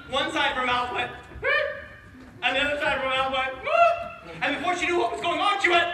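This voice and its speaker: A playful male storyteller performing a folk tale, full of animated asides. His voice is very high, bright and lively. He is heard from afar in an echoey room with faint noise behind him. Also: recorded from a distance. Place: indoor room with a live audience.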